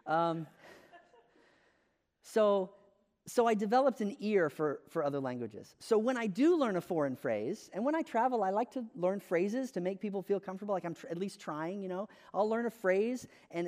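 A man's voice: high-pitched, animated, brisk, darkish tone, in a large hall. An American man preaching a sermon in a conversational, self-deprecating storytelling way, with frequent fillers. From United States.

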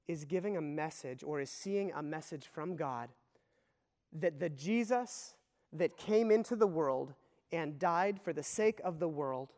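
A man's voice: fairly high pitch, a little mellow. Male pastor, sermon delivery, earnest and dramatic, recorded in a reverberant sanctuary. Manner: earnest, storytelling preacher with dramatic swings in volume. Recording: long reverb of a large hall.

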